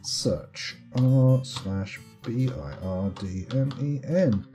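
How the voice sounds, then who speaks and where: A man's voice: mid-range voice, drawn-out words, mellow, soft background music. A man giving casual, rambling commentary over a live game stream, full of wry, self-mocking asides. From United Kingdom.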